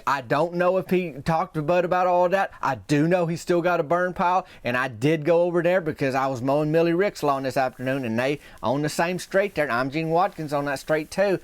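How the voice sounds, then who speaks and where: A man's voice: fairly high pitch, dry recording. Folksy Southern man rambling a story. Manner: folksy, meandering, trails off and restarts. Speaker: podcast host.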